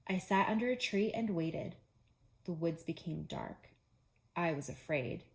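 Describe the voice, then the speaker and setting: A calm, patient male frog speaks in a steady, encouraging way and drops to a hush for a spooky story, as a woman reads him aloud. He is a gentle character in a children's storybook. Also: lowish voice, a little slow, roomy sound, voice pushed down. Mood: storytelling.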